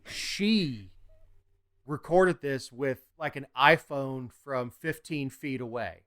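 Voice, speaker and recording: A man's voice: medium pitch, takes it slowly, a bit bright. A man co-hosting a political podcast, talking bluntly and opinionated in casual chat. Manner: blunt, opinionated, drops into mocking impressions. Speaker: podcast co-host.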